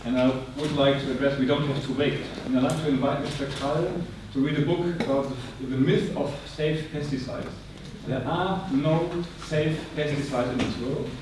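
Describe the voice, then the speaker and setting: A man's voice: mid-range voice, normal speed, few pauses. A man in the audience at a panel discussion, urging and impassioned as he presses his point. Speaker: audience member, organic agriculture advocate. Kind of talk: public panel discussion comment. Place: large lecture hall. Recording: echoey hall, distant mic, audience noise.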